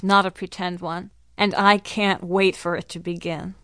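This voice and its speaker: A woman's voice: fairly low pitch, level tone, moderate pace, fairly bright tone, dry recording. A woman narrating a first-person children's audiobook in an eager, storytelling manner. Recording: dry studio recording.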